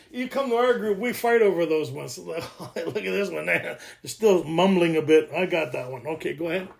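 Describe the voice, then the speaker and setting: Man, high voice, workshop leader, joking, excitable, laughing. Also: creaky. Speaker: recovery workshop speaker. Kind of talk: animated teaching talk.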